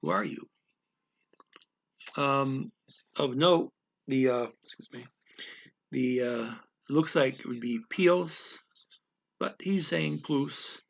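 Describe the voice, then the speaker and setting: A man thinking aloud as he explains a language lesson, halting often with fillers and restarts. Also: medium pitch, gravelly. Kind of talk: casual spoken language lesson.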